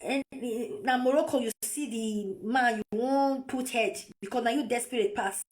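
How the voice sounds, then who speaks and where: A woman with a Nigerian accent speaks to her phone on a live video, her voice sitting high. She scolds and lectures, circling back to the same points again and again. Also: normal speed. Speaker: vlogger.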